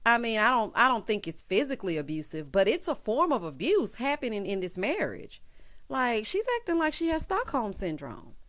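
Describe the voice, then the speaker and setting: A woman's voice: on the high side, big pitch swings, normal speed, a bit bright. A woman recapping a reality show in a chatty, sassy way, full of quips like "child" and "honey". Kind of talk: casual opinionated show recap.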